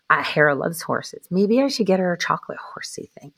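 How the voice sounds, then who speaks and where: A woman with a lowish voice tells a personal story in a chatty, cursing way. She slips into whispered asides now and then, and the recording is close and dry, with no room sound. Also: sing-song, brisk, gravelly, slightly rough, no echo. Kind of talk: casual anecdote.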